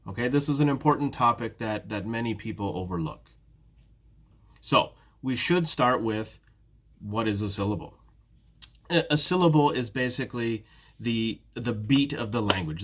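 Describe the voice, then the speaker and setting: A male English teacher giving a prerecorded beginner lesson, speaking slowly and carefully and repeating words for his students. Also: fairly low pitch. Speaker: ESL teacher.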